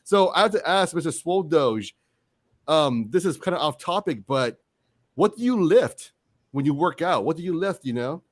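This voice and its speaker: A man's voice: fairly high pitch, expressive, moderate pace. Chatty man hosting a casual interview. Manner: giggly, chatty. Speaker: host.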